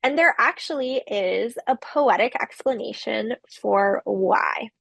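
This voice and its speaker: Slow, gravelly woman lecturing. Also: on the high side, a bit bright, no room sound. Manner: slow, explanatory, with fillers. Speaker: literature lecturer. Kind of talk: recorded academic lecture.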